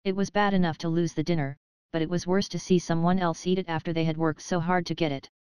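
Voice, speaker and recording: A woman narrating a children's animal storybook audiobook in an even, measured reading. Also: lowish voice, clean tone, no room sound.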